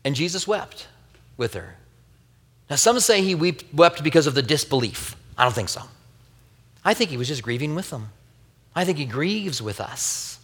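A man's voice: a little high, sing-song, moderate pace, pauses often, fairly bright tone, husky. A man preaching a sermon as a pastor, telling a Bible story earnestly with wry asides and a tender, grieving personal tone. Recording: long hall reverb.

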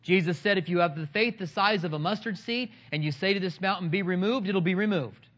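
A man, the pastor, preaching a sermon and telling funny, animated stories to make his point. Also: high-pitched, fairly quick, lo-fi sound. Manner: animated storytelling with humor.

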